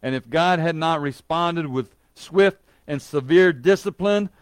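Man preaching a sermon, earnest and emphatic, kinda high voice, dry close sound. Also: measured pace, clean tone, no echo. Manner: earnest, emphatic repetition, occasional light humor.

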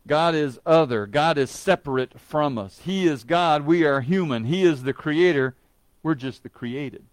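A man's voice: a little high, measured pace, no room sound. A man preaching a sermon in an earnest, emphatic way, stressing words by repeating them, with an occasional light joke.

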